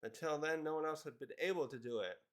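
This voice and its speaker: A man voicing an eccentric old man who loves watching mayhem, in a relaxed drawl. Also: a little high, fast, close to an everyday voice. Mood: amused.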